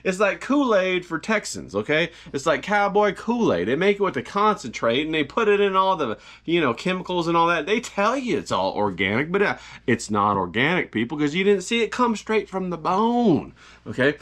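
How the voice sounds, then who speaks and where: A man's voice: high voice, big pitch swings, moderate pace, a bit bright. Rowdy, swearing home-cook man. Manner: rowdy, folksy and profane, rambling asides to the viewer and cameraman. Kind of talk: casual cooking vlog. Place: home kitchen.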